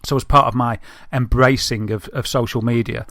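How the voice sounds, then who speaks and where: A man from Northern England, with a matching accent, co-hosts a casual podcast in clean studio sound with no room echo. His mid-range, fairly bright voice holds a steady tone at a moderate pace. He's a chatty storyteller who rambles through tales packed with fillers.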